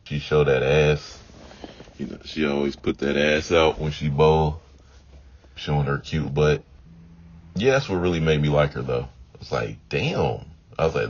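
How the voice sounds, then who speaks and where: A man's voice: very deep voice, unhurried. A man talking in a casual, meandering monologue, often repeating himself and leaning on "you know.". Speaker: vlogger. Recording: dull lo-fi audio with faint noise.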